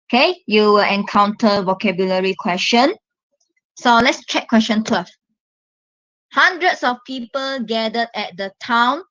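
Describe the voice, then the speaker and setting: A woman from Malaysia giving an online English lesson, explaining step by step in a slow, patient way and stressing the key words. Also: a little high, fairly bright tone, no echo, poor audio. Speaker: English teacher.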